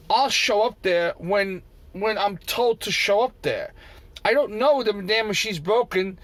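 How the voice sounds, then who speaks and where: Male vlogger, fed-up rant, curses a lot, fairly high voice, faint vehicle hum behind. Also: animated, unhurried, fairly bright tone. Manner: frustrated, profane, repetitive ranting. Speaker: vending machine operator. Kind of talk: ranting vlog.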